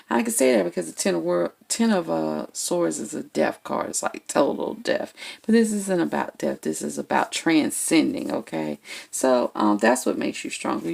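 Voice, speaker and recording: A woman talks viewers through a tarot spread in a casual, blunt way, checking in with "okay?" after nearly every point. Her voice sits a little low and is heavily gravelly, with a lot of fry. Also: darkish tone. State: has the hiccups. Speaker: tarot reader. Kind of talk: casual tarot reading to camera.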